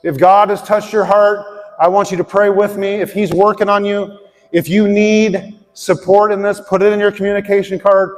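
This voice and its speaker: A man preaching from the pulpit with a high, ringing voice. He tells his story in an earnest, heartfelt way. The church hall adds a long reverb, with soft music underneath. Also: flat delivery, moderate pace. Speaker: pastor. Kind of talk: sermon with personal story and prayer. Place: church sanctuary.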